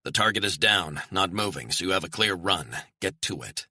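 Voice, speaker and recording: Reading an audiobook, a man performs a curt mission handler who issues clipped, radio-style commands through an earpiece in a commanding mood. The delivery is heavily acted and animated, at a moderate pace, in a low, pushed, bright voice. It's a dry, studio-quality recording.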